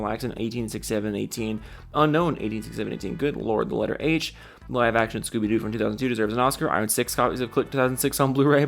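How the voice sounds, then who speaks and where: Fast, gravelly sick man rattling off names. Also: fairly low pitch. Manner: rambling, swearing, mock-dramatic. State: sick and tired. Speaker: YouTuber reading out supporter names. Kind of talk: rapid-fire reading of a name list.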